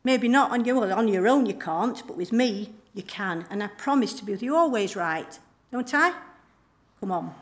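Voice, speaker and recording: A woman voicing Jesus as a calm, reassuring grown man in a retold film story, speaking gently and coaxingly. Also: medium pitch, moderate pace, lightly acted.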